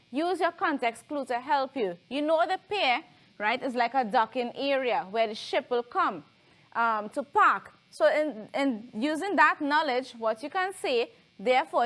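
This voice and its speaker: A woman's voice: high voice, fairly bright tone. A woman teaching a televised lesson, explaining patiently and often checking in with tag questions.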